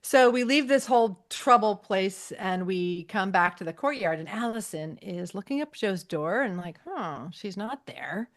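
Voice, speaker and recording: A woman's voice: medium pitch, moderate pace, hardly any pauses. A woman podcast co-host casually recapping a TV episode, acting out the characters' lines as she retells scenes. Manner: animated retelling, acting out dialogue.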